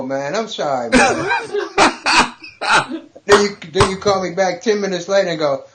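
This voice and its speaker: Man comedian guest, slightly high voice, storyteller who cracks up at his own jokes. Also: animated, moderate pace, very noisy. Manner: storytelling, builds jokes and laughs loudly at his own punchlines. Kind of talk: casual podcast chat with joke telling.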